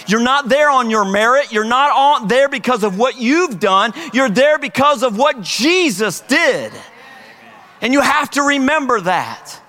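A man preaching a sermon as pastor, lively and energetic, breaking into shouts and playful voices. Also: very high-pitched.

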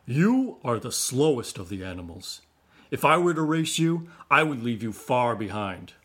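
A man voicing a grumpy, boastful male bear in a folk tale, talking gruffly and rudely. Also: medium pitch, big pitch swings, normal speed, fairly bright tone. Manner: gruff, rude.

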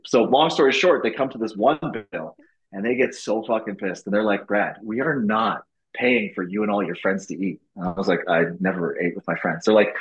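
A young man from Canada telling casual stories as a podcast guest, animated and swearing freely, acting out what people said. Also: on the low side, poor audio. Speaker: podcast guest, former reality show lead. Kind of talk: casual storytelling.

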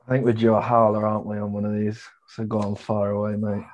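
A man's voice: lowish voice, completely flat delivery, fast, darkish tone. A man co-hosting a casual football podcast, joking and guessing trivia answers. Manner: jokey banter, guessing answers. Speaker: podcast co-host.

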